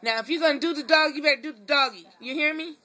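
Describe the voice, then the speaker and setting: A woman's voice: high voice, quick pace, bright, forceful tone. A woman filming at home, mock-scolding and teasing her little dog with frequent laughter. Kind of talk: casual home video talking to a dog.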